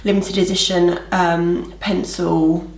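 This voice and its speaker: A woman's voice: on the low side, little pitch movement, takes it slowly, gravelly, a little mellow, roomy sound. A young woman chatting her way through a makeup tutorial in a bubbly, gushing manner. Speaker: makeup vlogger. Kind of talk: casual makeup tutorial narration.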